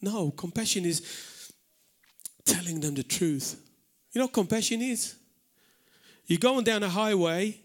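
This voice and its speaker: High-voiced Maltese man preaching. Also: measured pace. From Malta. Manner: animated preaching, shouting out acted warnings. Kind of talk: sermon. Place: church hall.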